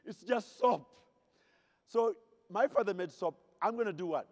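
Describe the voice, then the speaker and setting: Unhurried and a little mellow, a man from Zaire with a high-sitting voice gives the keynote at a convention. In the hotel ballroom he tells humorous stories and playfully quizzes the audience, with the sound echoing through the hall.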